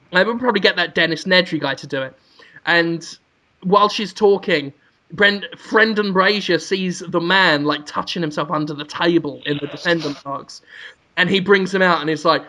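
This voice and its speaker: A man on a podcast, rambling through an absurd story he makes up as he goes. His voice sits high and sounds bright and lively. He giggles often and slips into goofy put-on voices. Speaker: podcast panelist.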